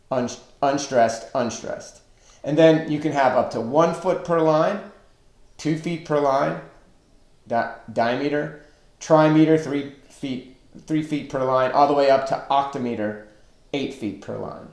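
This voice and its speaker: A man teaching a webinar lecture on poetry, deliberately counting out stressed and unstressed syllables. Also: medium pitch, echoey room.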